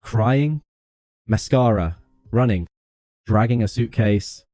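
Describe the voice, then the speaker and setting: A man narrating a first-person story in a calm, even, scripted delivery. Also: fairly low pitch, slow pace, no echo, soft background music.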